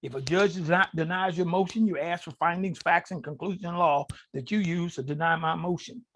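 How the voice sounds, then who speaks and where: A man with a somewhat high, husky voice, sharing stories as a guest on a talk show. He tells them casually and with energy, turning now and then to speak directly to the listeners. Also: a little fast. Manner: animated, addresses listeners directly. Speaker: podcast guest. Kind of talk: casual storytelling to an audience.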